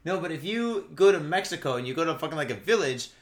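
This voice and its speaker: Man, podcast co-host, casual chat, rambling, heavy swearing, lots of filler words, slightly high voice. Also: animated, fast.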